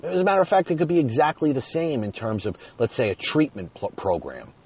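A man's voice: medium pitch, very animated, a little fast, a little mellow, slightly rough. A man telling a personal story in a chatty way, talking straight to his viewers and chuckling now and then.

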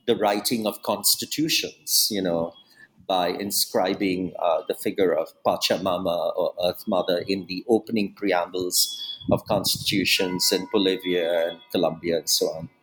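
A man's voice: deep voice, steady tone, normal speed, fairly bright tone, slight background noise, low-quality recording. A man being interviewed about his book, talking in a reflective way with frequent asides and restarts. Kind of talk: academic interview.

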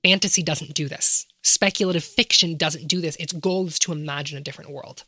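Low-voiced woman lecturing on games. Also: brisk, bright, forceful tone, no room sound. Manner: academic, lecturing with rhetorical questions. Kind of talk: casual analytical discussion.

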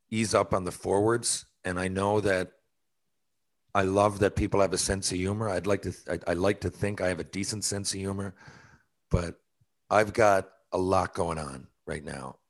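Exasperated man ranting, lowish voice. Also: fairly even intonation, moderate pace. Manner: exasperated, argumentative, laughing at himself. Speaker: podcast host. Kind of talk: casual ranting monologue.

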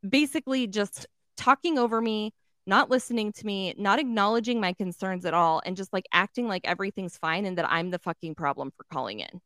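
A woman's voice: mid-range voice, fairly quick, no echo, studio quality. A woman in her thirties telling a story in casual chat, blunt and full of swearing. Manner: blunt, profane, animated storytelling. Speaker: podcast co-host telling a story.

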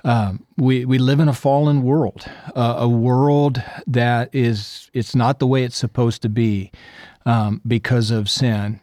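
A man with a mellow, warm-toned mid voice joins a faith discussion as co-host. He talks thoughtfully and haltingly, with many fillers. The recording is dry and close. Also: mid-range voice, steady tone, no echo. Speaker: podcast co-host.

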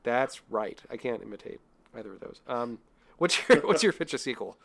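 A man's voice: medium pitch, lively intonation, moderate pace, gravelly, fairly bright tone. A young man co-hosting a casual podcast, talking in a rambling, self-deprecating way with frequent laughs. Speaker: podcast co-host. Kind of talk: casual film review chat.

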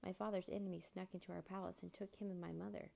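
A woman's voice: on the low side, little pitch movement, fast, vocal fry, darkish tone. A woman voicing a polite young boy prince in a storybook reading, speaking formally without contractions. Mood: earnest.

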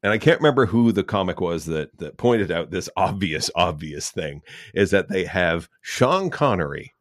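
A man co-hosting a casual chat show, rambling and enthusiastic, circling back with fillers and restarts. His voice sits low but swings widely in pitch. The recording is dry and close. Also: animated, normal speed, no echo. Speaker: podcast co-host.

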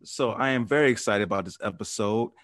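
A man hosting a podcast, talking sports in a laid-back, chatty way and laughing easily. His voice sits a little low, and it comes through a close, dry mic with no room sound. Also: a little fast, a bit bright, dry recording. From Arizona. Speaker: podcast host. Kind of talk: casual sports podcast chat.

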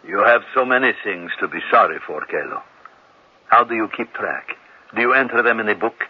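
Radio play: a frail, sarcastic prisoner, husky and lowish, dull old broadcast. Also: male voice, fairly quick. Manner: weary and sarcastic. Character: frail old male prisoner, bitter, memory fading. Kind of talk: 1940s-50s radio drama acting.

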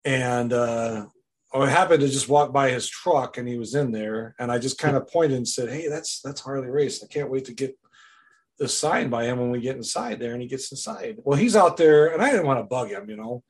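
A man in his forties chatting casually, giving short replies and telling an animated story. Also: mid-range voice, moderate pace. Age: 40s. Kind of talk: casual chat.

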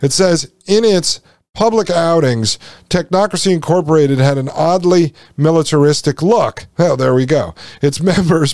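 A man's voice: on the high side, darkish tone, no room sound, studio quality. A man hosting a podcast, reading from a text and commenting on it in a folksy, sarcastic way that addresses the listeners directly. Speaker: podcast host.

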